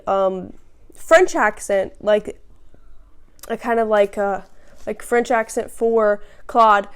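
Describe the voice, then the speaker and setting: A woman's voice: fairly high pitch, clear, resonant tone. A woman chatting casually as a book vlogger, rambling with many fillers and restarts. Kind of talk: casual book review chat.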